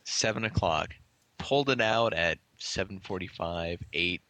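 A man's voice: sits low, a little slow, pushed and bright, no room sound. A man co-hosting a casual chat about beer, laughing often and trailing off into restarts. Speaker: podcast co-host reviewing beer.

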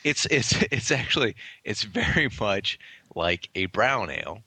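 A man co-hosting a podcast, chatting casually about beers he is tasting, with a relaxed, swearing manner full of restarts. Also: on the low side, unhurried, vocal fry, slightly rough, no echo. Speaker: podcast co-host. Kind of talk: casual beer-tasting chat.

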